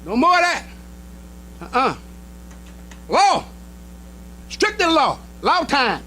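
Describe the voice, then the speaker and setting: A minister preaching a sermon in an emphatic style, with short repeated phrases and speech. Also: male voice, very high voice, wildly swooping pitch, slow, pushed and bright, slight background noise, rough recording. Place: temple hall.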